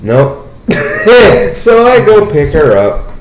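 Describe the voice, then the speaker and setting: A young man hosting a casual podcast chat, telling a story with lots of "like" and "dude" and jumping up in pitch when he gets excited. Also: drawn-out words, noisy background. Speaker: podcast host. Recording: roomy echo.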